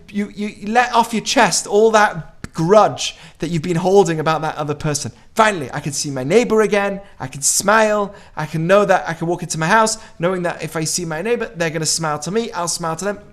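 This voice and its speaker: A high-voiced man speaks briskly and with few pauses while teaching a relaxed Torah lesson to a group. He addresses listeners conversationally, asks them questions, and acts out the dialogue he quotes.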